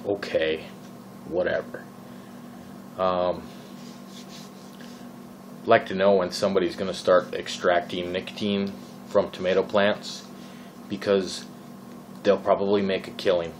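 With a low, level voice, a little slow and pausing often, a Minnesota vlogger rants casually about vaping in his Minnesotan accent. He fills it with fillers and exasperated questions. The audio is poor, with a slight hiss or hum.

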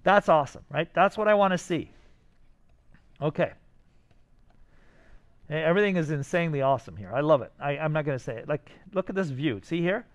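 An excited man teaches a design class, talking his students through their sketches. His voice sits a bit high. He keeps checking in with them, asking whether they get it. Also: brisk, pauses often. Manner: enthusiastic, talks to students directly with many "right?" checks.

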